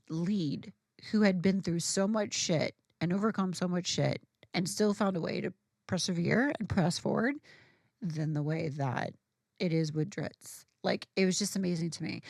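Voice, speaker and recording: A woman's voice: lowish voice, unhurried, creaky, a little mellow, no echo, clean studio sound. A woman telling a personal story in a casual, profane, chatty way, full of fillers and acted-out dialogue.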